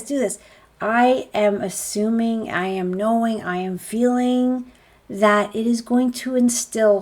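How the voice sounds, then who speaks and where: A woman speaking as a spiritual healer on a group healing call, earnest and encouraging, often piling up rhetorical questions. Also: medium pitch.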